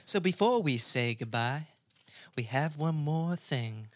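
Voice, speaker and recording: A man's voice: a little high, expressive, slow pace, no room sound, studio quality. A man co-hosting a comedy podcast, narrating an improv scene with a joking manner. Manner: joking, laughing. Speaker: podcast co-host. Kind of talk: casual chat and scene narration.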